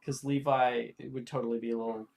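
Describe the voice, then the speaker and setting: A man's voice: mid-range voice, little pitch movement, a little fast, a little mellow. A man narrating as game master in a casual, rambling way, often laughing.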